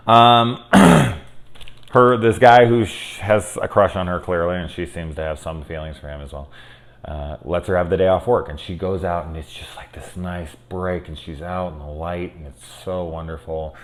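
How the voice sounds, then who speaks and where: A man in his thirties giving a casual, candid spoken review of a horror film, often cursing and swinging between quiet musing and loud exasperation. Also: low voice, fairly even intonation, normal speed.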